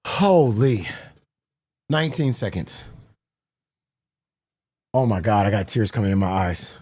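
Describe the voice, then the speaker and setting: Excitable streamer man, lively dry voice. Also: on the low side, dry recording. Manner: excitable, swears, repeats himself. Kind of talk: casual live stream reaction.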